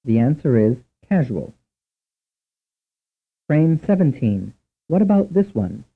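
A man reading scripted instructions for a language course in a measured, precise lecturing manner. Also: medium pitch, very animated, breathy edge. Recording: tinny narrow-band recording.

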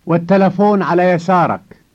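A man giving slow, carefully enunciated model phrases for learners to repeat in a language course. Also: sits high. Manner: deliberate, clearly enunciated repetitions. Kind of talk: slow, careful pronunciation drills. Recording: dull lo-fi course recording.

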